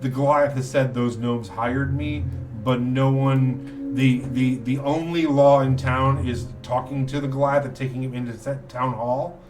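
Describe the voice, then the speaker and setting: A man narrating as game master for a tabletop game, relaxed and rambling with fillers. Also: medium pitch, unhurried, music in the background.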